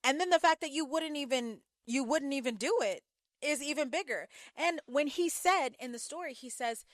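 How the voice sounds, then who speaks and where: A young woman giving a casual commentary vlog, telling stories in an animated way with sudden jumps in pitch. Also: moderate pace, no room sound, studio quality. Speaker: YouTube commentator.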